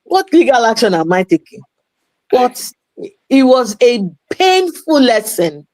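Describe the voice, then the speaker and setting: A woman tells her story as an interview guest, animated and expressive, and slips Yoruba phrases into her English. Her voice sits at a middle pitch and sounds dry and close. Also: a little slow, no echo, poor audio. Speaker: interview guest, playwright and promoter.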